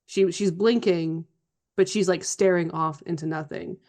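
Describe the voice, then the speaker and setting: A woman's voice: on the low side, steady tone, unhurried, darkish tone. A woman narrating as game master of a tabletop role-playing game, chatty and loose, with fillers and restarts.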